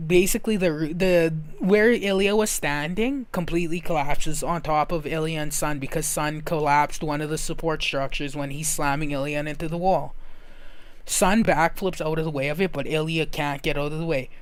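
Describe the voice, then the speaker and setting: Male reviewer, rambling recap, smooth voice pitched a bit high, dry close mic. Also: no echo. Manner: rambling, self-correcting, recounts scenes. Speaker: show reviewer.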